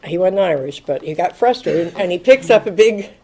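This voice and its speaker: A woman's voice: on the low side, moderate pace, low-quality recording. A woman in her sixties giving a recovery talk, telling stories with acted-out quotes and frequent laughter. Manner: animated storyteller, acts out quotes, laughs often. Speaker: AA speaker.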